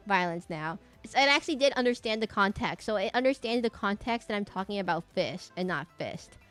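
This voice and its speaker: A woman streamer chatting casually while she draws, with a slight lisp and fast, tumbling speech full of restarts. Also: medium pitch, expressive, fairly bright tone, faint music behind.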